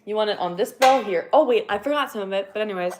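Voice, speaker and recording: A young woman in casual livestream chat, talking in loose, rambling sentences full of fillers and easy laughs. Her voice sits at an ordinary middle pitch and has a slightly breathless edge, as if she has been talking a lot. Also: fast talker, background noise. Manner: chatty, rambling, laughs often, many fillers. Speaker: livestreamer and horn player.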